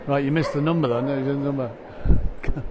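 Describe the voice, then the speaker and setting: A man's voice: mid-range voice, fairly even intonation, brisk, background noise. A man presenting a live dog show stream, chatting with his co-commentator and reading out greetings from viewers.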